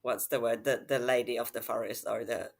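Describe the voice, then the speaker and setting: A woman's voice: rumbling low, fairly even intonation, fairly quick, gravelly. A woman guest on a casual book discussion podcast, hesitant and searching for words.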